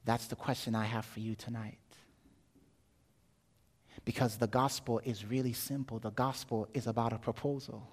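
A man's voice: medium pitch, little pitch movement, moderate pace, long pauses. Preacher man in a reverberant hall. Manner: storytelling, swings from loud jokes to hushed intensity. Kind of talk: sermon.

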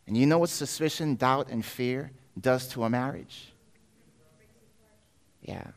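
A male preacher delivering a sermon in an animated way, acting out quoted voices and swinging between loud passages and hushed ones. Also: medium pitch, measured pace.

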